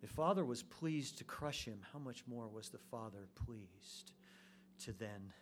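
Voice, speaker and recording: A man preaching a sermon to his congregation, moving between hushed, slow emphasis and loud, fervent climaxes. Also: medium pitch, expressive, slight background noise. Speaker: pastor.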